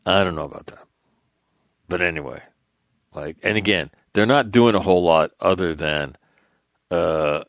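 Running through the news on his radio talk show, a low-voiced man tacks on off-the-cuff remarks that are crude, blunt, and rambling, looping back with restarts and repeated phrases. He talks at a moderate pace with long pauses, captured in a dry, clean studio recording.

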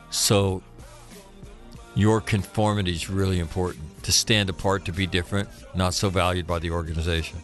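Deep-voiced blunt male podcast host. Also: fairly bright tone. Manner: blunt, profane banter. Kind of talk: casual podcast chat.

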